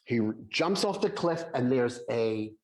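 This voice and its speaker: Slow, gentle older man giving a sermon. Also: mid-range voice, lively intonation. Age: 60s. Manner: gentle storytelling, acts out dialogue in quotes. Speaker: speaker at a Sunday service.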